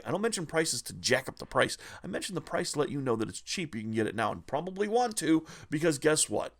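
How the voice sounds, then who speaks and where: Gravelly, cursing retro-gaming host. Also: male voice, medium pitch, a bit bright. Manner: profane, angry ranting. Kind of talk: ranting vlog.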